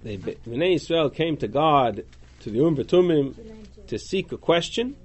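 Speaking a little slowly in a slightly high voice, a man leads a class on the Talmud. He reads the Hebrew and Aramaic text with animation, then translates it and probes its meaning.

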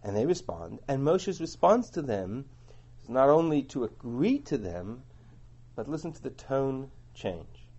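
A man teaching a Torah class, explaining and translating verses in an animated way, on a dull lo-fi recording. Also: medium pitch, a little slow, breathy edge.

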